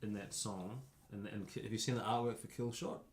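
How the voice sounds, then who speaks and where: Low-voiced middle-aged man. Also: fairly even intonation, fairly quick. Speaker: podcast co-host. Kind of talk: casual chat.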